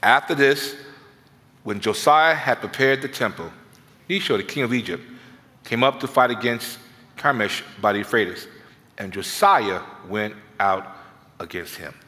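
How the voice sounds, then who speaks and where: A man preaching as a guest pastor, his voice swinging widely and sounding bright and forceful. His self-mocking storytelling rings through a church with a long reverb. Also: medium pitch, measured pace, pauses often. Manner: animated, self-mocking, conversational. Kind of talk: sermon with comic storytelling. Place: church sanctuary.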